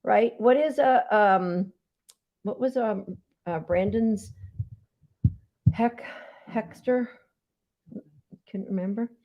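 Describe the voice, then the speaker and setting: A woman's voice: medium pitch, slow pace, pauses often. A woman dog trainer hosting a casual live Q&A, chatty and emphatic, talking straight to her viewers. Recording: dull lo-fi sound.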